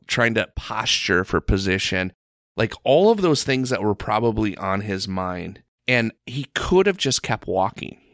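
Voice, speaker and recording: Man, low voice, earnest, halting, Bible discussion, dry close sound. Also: creaky, a bit bright, dry recording. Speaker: Bible study leader.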